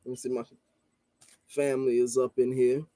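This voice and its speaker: A man telling a story in a casual monologue, rambling and repeating "you know" and "blah, blah", calm and measured. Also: medium pitch, no room sound. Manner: calm and measured, stresses listening before responding. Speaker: channel host and street vendor.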